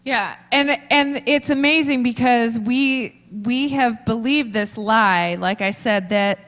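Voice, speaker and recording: Woman, co-presenting sermon, conversational, higher voice, long reverb. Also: takes it slowly, fairly bright tone. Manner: chiming in conversationally. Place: church sanctuary.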